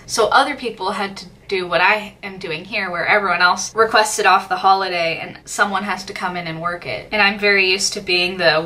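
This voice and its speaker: A young woman with a bright, forceful voice chats through a get-ready-with-me vlog. She rambles openly about her worries and often puts herself down, and her pitch sits at a middle level. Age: young adult. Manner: rambling, candid and self-deprecating. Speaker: college student vlogger. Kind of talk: casual get-ready-with-me chat.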